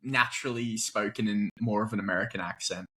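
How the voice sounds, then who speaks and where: Bright-voiced young Australian-born actor. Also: male voice, lowish voice, fairly quick. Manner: relaxed, laughing often, many "like" fillers. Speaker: guest actor. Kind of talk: casual interview chat.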